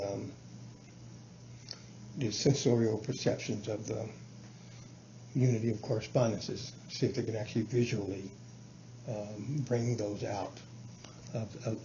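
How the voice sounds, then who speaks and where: A man talks a colleague through his classroom routines, stopping and restarting often and filling pauses with "um." His voice is very dark and mellow. The recording is dull and low-fi, with a faint hiss behind him. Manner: halting, many restarts and fillers, breaks into chanted syllables and sung verses. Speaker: teacher mentoring a colleague. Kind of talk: casual explanatory talk on lesson planning.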